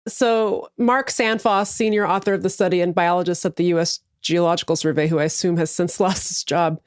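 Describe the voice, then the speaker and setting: A woman's voice: on the low side, fairly even intonation, fairly quick, no echo, studio quality. A woman co-hosting a podcast, cracking jokes and reading items aloud with playful mock seriousness. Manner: playful, jokey, reads quotes aloud with mock gravity. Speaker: podcast co-host. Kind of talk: casual chat.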